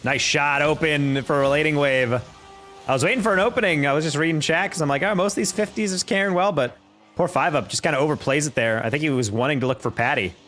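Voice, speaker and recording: Excitable young male esports caster. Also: fairly high pitch, soft background music. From New York. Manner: rapid play-by-play that jumps up in excitement, chatting with viewers between plays. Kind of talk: live-streamed play-by-play commentary with chat.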